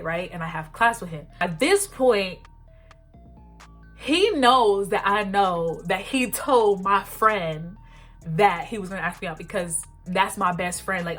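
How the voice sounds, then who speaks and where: A young woman in her twenties tells a storytime in a loose, chatty way, full of slang and "like". Her pitch sits in the middle for a woman. A faint music bed plays underneath. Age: 20s. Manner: chatty, peppered with "like", slangy and animated. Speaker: beauty vlogger. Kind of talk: casual storytime chat.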